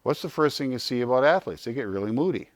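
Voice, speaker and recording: A man's voice: mid-range voice, quick pace, no room sound, studio quality. A man giving an informal health talk to a small audience, telling stories and asking himself questions, then answering them. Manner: animated storyteller, acts out quotes in a raised voice; asks and answers his own questions.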